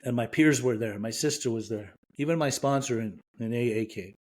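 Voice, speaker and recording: A man's voice: medium pitch, a little fast. Man from Iran telling an emotional story. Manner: emotional, vivid retelling with quoted dialogue. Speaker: podcast guest. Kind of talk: personal storytelling.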